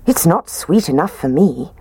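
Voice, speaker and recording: A woman's voice: low voice, lively intonation, moderate pace, dark tone, slightly rough, no room sound, heavily acted. A woman voicing a fussy little girl who complains about everything, in a storybook reading.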